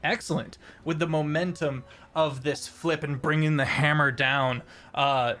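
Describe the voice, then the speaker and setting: A woman's voice: deep voice, steady tone, unhurried, fairly bright tone. A woman narrating a tabletop role-playing game as game master, casual with many fillers.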